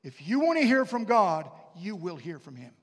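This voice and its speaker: A pastor preaches a sermon in a high-pitched, very animated voice at a moderate pace, telling stories and putting questions and asides to the congregation. The long reverb of a large hall surrounds him.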